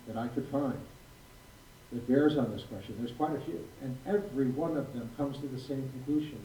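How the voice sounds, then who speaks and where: Older man, physician lecturing, deliberate and emphatic, very dark voice, distant mic in an echoey hall. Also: mid-range voice. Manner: emphatic, deliberate, repeats key phrases for weight. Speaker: physician giving a public talk. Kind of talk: prepared lecture to a live audience. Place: school hall. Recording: roomy, distant mic with faint noise.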